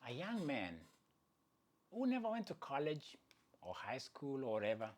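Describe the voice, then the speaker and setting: Guy doing a solo sports chat, lively sing-song voice, jokey and self-mocking, talks right to viewers. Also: mid-range voice. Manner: animated, playful, self-mocking, chatty asides to viewers. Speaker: athletics commentator and channel host. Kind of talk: casual solo commentary.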